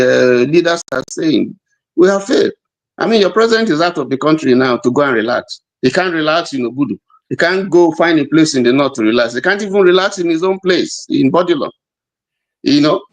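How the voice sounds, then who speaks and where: A man speaking on an online panel, his voice sitting a little high. He talks indignantly and keeps restarting phrases, repeating words before pushing on.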